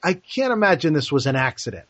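A man's voice: on the high side, sing-song, quick pace, fairly bright tone, no room sound. A man co-hosting a podcast in casual film discussion, enthusiastically retelling movie scenes. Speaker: podcast co-host. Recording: dull lo-fi dry sound.

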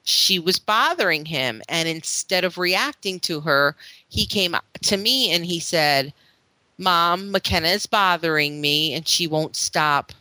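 A woman's voice: on the low side, expressive, measured pace, bright, forceful tone, no echo. A middle-aged woman from Florida, co-hosting a podcast and telling a long family story in a rambling, casual way. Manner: rambling storytelling, acts out quoted voices. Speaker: podcast co-host. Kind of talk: casual chat.

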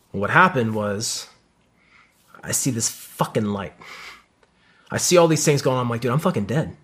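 A man sits in as a guest and tells his own combat story in casual talk. He swears often and keeps the telling vivid and animated. His voice sits at an ordinary middle pitch. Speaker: podcast guest, combat veteran.

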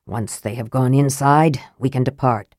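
A woman voices a cool, calculating young wizard who talks in flat, measured sentences. His voice is low and even, recorded close and dry like an audiobook, with no room sound.

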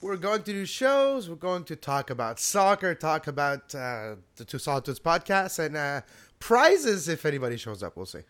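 A man with a Quebec French accent, French his first language, co-hosting a podcast with halting, filler-heavy speech. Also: on the high side, very animated, a bit bright. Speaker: podcast co-host. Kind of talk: casual podcast chat.

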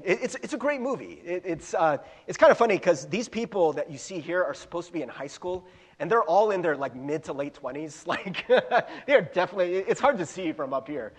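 A middle-aged man preaches a casual sermon in a church, his voice pitched high for a man. He talks in a relaxed, self-deprecating way, full of "like" and "you know." A long hall reverb trails behind every word. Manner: chatty, self-deprecating, with fillers and asides. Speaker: pastor. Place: church sanctuary.

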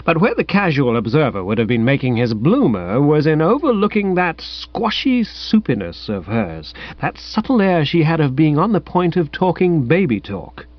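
A man reads a comic first-person story with airy wryness, his voice sitting a little high and swinging widely. The recording sounds dull and dry, with no room around it. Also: dry recording. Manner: airy, wry, animated. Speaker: audiobook narrator.

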